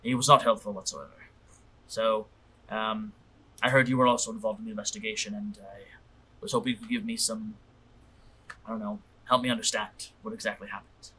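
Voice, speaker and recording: A reserved, upper-class company man with a posh British accent voiced by a man in a tabletop game. He speaks in a formal, measured way and keeps his voice low and polite. There is a bright edge to his tone. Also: big pitch swings, husky, heavily acted.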